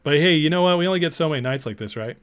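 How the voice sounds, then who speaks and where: Fairly high-pitched and fast, with lively intonation and a clean tone, a man hosts a relaxed livestream. He keeps up loose chatter, reading viewers' comments aloud and laughing at them.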